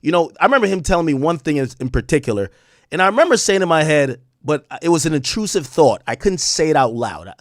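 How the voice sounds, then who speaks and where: A man hosting a livestream, telling a long story in a casual, mocking, profane way and slipping into quick impressions of other people. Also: fairly high pitch, no echo, studio quality. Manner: animated, profane, mocking impressions, laughs often. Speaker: streamer host.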